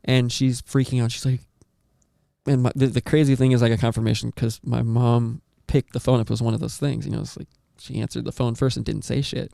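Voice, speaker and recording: Gravelly man telling a rambling story. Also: medium pitch, brisk, dry recording, clean studio sound. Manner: rambling, swearing, animated retelling with quoted voices. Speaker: podcast host. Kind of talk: casual storytelling chat.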